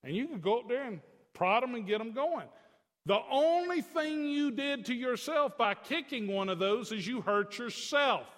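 Male pastor, high-pitched, folksy and chatty from the pulpit, long hall echo. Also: a bit bright. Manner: folksy, chatty asides to the congregation. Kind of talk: conversational sermon. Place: church sanctuary.

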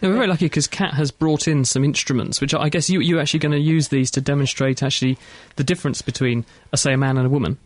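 Quick British man, jokey presenter. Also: fairly high pitch, steady tone, dry recording. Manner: jokey, stumbling questions. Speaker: radio presenter. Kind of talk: radio science discussion.

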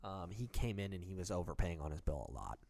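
A man with a low, deep voice tells stories in an animated way, acting out his customers' lines. He sounds like someone who sells phones in a store, chatting casually. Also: quick pace, gravelly. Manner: animated storytelling, acts out customer quotes. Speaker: retail phone store salesman. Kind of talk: casual conversation.

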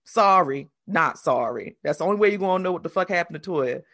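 A woman co-hosting a podcast, chatting casually and telling stories in an animated, profane way, acting out the quotes. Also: lowish voice, a little fast, no echo, clean studio sound. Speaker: podcast co-host. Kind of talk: casual chat.

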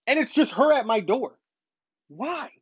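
A parent vlogger with a high-pitched voice recounts a frustrating story in a casual monologue, animated and at normal speed, emphatically repeating points to stress them. The recording is dry with no room echo but sounds a little dull and muffled.

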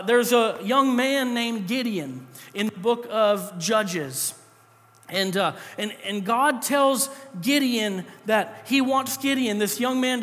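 A high-pitched man preaches with a bright, forceful tone, his voice carrying through a church hall with a long reverb tail. He talks in a conversational way and drops joking asides between points. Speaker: pastor. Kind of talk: sermon.

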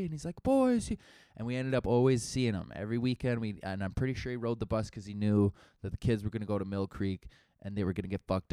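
Low smooth-voiced man rambling. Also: mellow, no room sound, studio quality. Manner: casual, profane, full of fillers. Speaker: comedian. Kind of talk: rambling podcast monologue.

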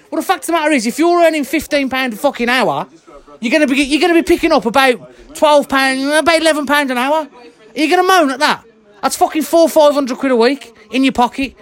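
High-voiced ranter, swearing nonstop. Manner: swears constantly, heated and blunt. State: worked up and sweating. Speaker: vlogger. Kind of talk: angry monologue rant.

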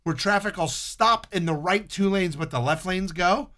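A man's voice: high-pitched, normal speed, fairly bright tone. A man in casual podcast chat, talking bluntly, swearing freely, and laughing often.

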